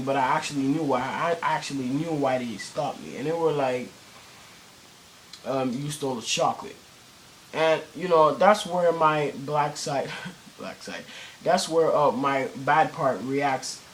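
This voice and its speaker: A man's voice: fairly high pitch, a little slow, slight background noise, poor audio. A teenage boy telling a story in a casual vlog, rambling with many fillers and restarts and plenty of cursing. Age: teens. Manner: cursing, slangy.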